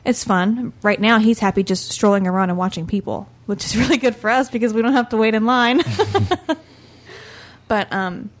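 A woman on a casual podcast, gently giving reassuring advice with soft fillers. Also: mid-range voice, fairly even intonation, moderate pace.

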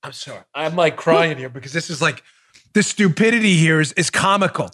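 A man's voice: fairly high pitch, lively intonation, a little fast, pushed and bright. A man in his forties hosting a political commentary podcast, bursting into incredulous exclamations and frequent laughter. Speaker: podcast host.

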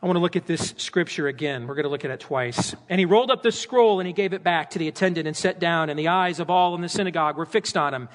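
Man, preacher, sermon, high voice, long reverb, dramatic storytelling. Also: fast talker, hardly any pauses. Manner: animated, dramatizing scripture in character voices. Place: church.

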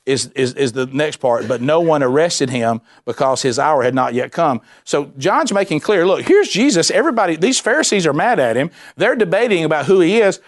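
A man preaching a sermon, animated and emphatic, repeating himself and dropping suddenly to a quiet voice. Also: on the high side. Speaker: pastor.

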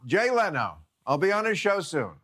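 A man's voice: high voice, sing-song, moderate pace, fairly bright tone, husky. A man hosting a talk show, teasing his guest and laughing often.

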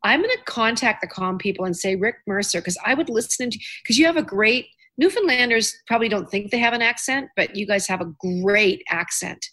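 A woman's voice: mid-range voice, lively intonation, a little fast, hardly any pauses, sharp tone. A woman hosting a casual chat, enthusiastic and rambling. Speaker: host.

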